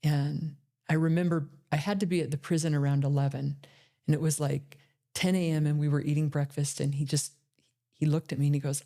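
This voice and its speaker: A woman in her forties, a motivational speaker, telling her own life story candidly and emotionally, slowing down on painful memories. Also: low-pitched, steady tone, warm tone. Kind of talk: personal storytelling talk.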